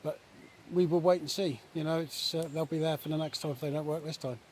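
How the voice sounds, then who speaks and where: A man talking casually in a relaxed, chatty way with many fillers, filming a vlog at a woodland camp outdoors. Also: fairly high pitch, a little fast. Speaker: vlogger. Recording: outdoor recording with faint nature noise.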